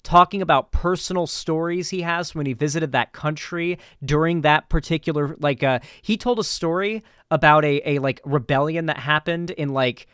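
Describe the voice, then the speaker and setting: A man telling a casual, rambling story in commentary style, animated and swearing now and then. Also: on the high side, moderate pace, hardly any pauses, smooth, dry recording, clean studio sound.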